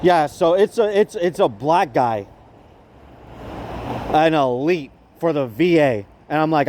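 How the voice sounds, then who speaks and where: A man's voice: on the high side, lively intonation, measured pace, pauses often, a little mellow, a little hiss or hum. A man vlogging in a rambling, profane rant, stumbling over his words and repeating himself. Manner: repetitive, stumbling, swears heavily, ranting.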